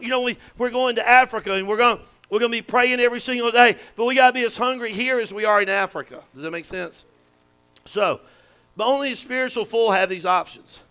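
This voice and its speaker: A man preaching in a church, his voice pitched high and ringing bright. He keeps it folksy, tossing questions and amens to the congregation. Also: clean tone, low-quality recording. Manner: folksy, calls to the congregation with frequent "amen" and questions. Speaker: pastor. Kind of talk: sermon. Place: church sanctuary.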